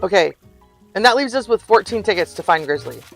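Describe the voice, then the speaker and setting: A woman's voice: medium pitch, lively intonation, fairly quick, vocal fry, faint music behind. An older woman streaming a life-sim game, chatting casually and telling stories with frequent laughs. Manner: chatty storyteller, laughs often. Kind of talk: casual gameplay chat.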